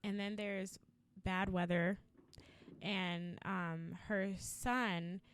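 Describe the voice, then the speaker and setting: A woman's voice: mid-range voice, fairly even intonation, drawn-out words, clean tone. A woman co-hosting a podcast, telling a story in casual chat with lots of filler words. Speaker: podcast co-host.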